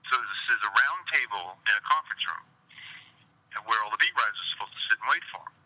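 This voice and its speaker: Man, podcast guest, casual storytelling, animated asides, low voice, very bright tone. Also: highs cut off. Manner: animated, quick asides, quotes others in acted snippets. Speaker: podcast guest, former hockey beat writer.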